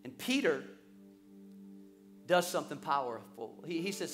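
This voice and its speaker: Pastor guy preaching, high voice jumping all over, acts out the quotes, repeats himself when fired up. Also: a little slow, faint music behind. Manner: repeats words when excited. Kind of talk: sermon.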